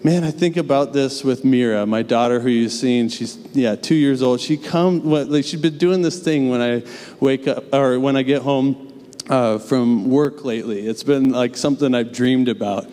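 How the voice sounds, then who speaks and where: In a medium-pitched, mellow voice at normal speed, a young adult man delivers a church sermon. As pastor he's earnest and conversational, dropping in casual asides, while long church reverb fills the recording.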